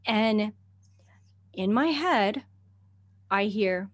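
Appearing as a guest, a middle-aged herbalist and naturalist tells a story in relaxed conversation at a very slow pace. Her voice is at an ordinary pitch for a woman, and she's animated, laughing often and sprinkling in "you know" and "like." There's no room sound.

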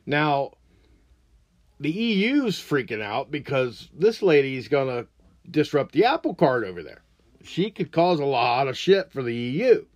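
In a mid-range voice that is very animated yet a little slow, a US podcast host delivers a profane political rant, bluntly and crudely mocking his targets. There's no room sound in the recording.

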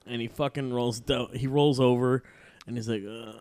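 A man's voice: mid-range voice, fairly even intonation, normal speed, darkish tone. A man on a podcast casually telling a crude, joking story. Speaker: podcast co-host.

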